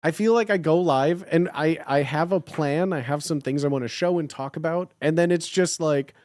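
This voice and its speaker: A man's voice: on the high side, normal speed, darkish tone, no room sound. A man with a Chicago accent, rambling in casual stream chat with plenty of filler "like". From Illinois. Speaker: live streamer.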